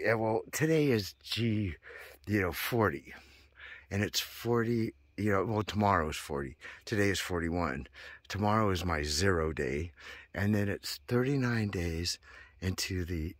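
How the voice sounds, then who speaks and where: A man with a deep, husky voice wanders from thought to thought as he speaks to his viewers. His talk is loose and tangential, stacked with fillers and false starts. The sound is dry and close. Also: a little slow, no echo. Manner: meandering, tangential, heavy on fillers. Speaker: vlogger. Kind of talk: rambling monologue to viewers.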